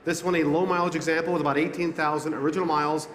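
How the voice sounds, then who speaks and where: A man's voice: on the high side, level tone, rapid-fire, fairly bright tone, a little hiss or hum. A man reading out polished, enthusiastic descriptions of each lot for an auction. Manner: polished, enthusiastic sales presentation. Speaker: lot announcer. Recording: echoey hall with long reverb.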